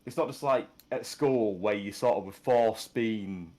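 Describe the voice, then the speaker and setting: A man's voice: lowish voice, a little mellow. Yorkshire man with a slight lisp. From Yorkshire, England. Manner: deliberately slowed, chatty, self-deprecating. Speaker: podcast host and streamer. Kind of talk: casual chat.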